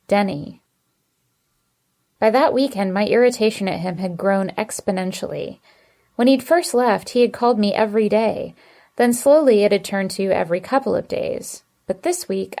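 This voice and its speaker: A woman reading a first-person romance audiobook with expressive, emotive storytelling. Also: mid-range voice. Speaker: audiobook narrator.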